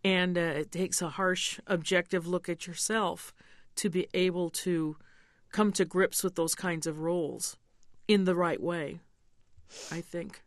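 A woman's voice: lowish voice, fairly even intonation, no room sound, clean studio sound. A middle-aged woman opera singer, interviewed about her roles, speaking thoughtfully and candidly. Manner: thoughtful, candid, coaches pronunciation slowly. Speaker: opera singer, mezzo-soprano guest. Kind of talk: interview conversation.

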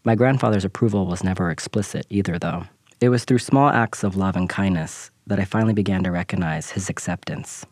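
A man narrating a scripted personal essay in a measured, reflective way. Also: low-pitched, a little mellow, dry recording.

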